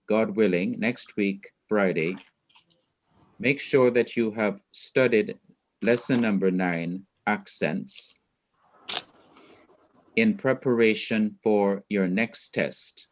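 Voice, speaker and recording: A man from Jamaica teaching a Hebrew grammar class online, explaining slowly and repeating his points. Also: on the low side, highs cut off. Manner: slow, patient, repeats points.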